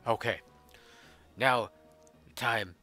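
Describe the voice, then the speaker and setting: A young man talks through a video game in casual commentary, cursing freely and laughing often. His voice is bright and forward at an average pitch. Faint game music sits behind him. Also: fairly even intonation, very slow. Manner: swears freely and laughs a lot. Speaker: let's play gamer.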